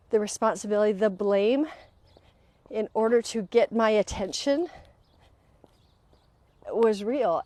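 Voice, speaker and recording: A woman's voice: mid-range voice, no echo. A woman host and coach speaking in a walk-and-talk monologue, telling stories and acting out the people she quotes. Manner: animated storytelling, acting out quoted voices.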